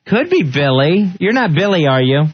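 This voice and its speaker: A man's voice: fairly high pitch, very animated, moderate pace, lo-fi sound. A male radio co-host bantering casually in a giggly, sing-song, joking way.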